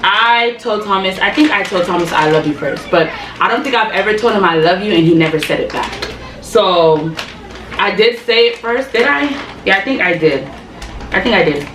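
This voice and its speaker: A woman's voice: medium pitch, animated, normal speed, noisy background. A young woman in casual, blunt, slangy chat with a friend while she does her makeup. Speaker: beauty vlogger. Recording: echoey room, mic at a distance.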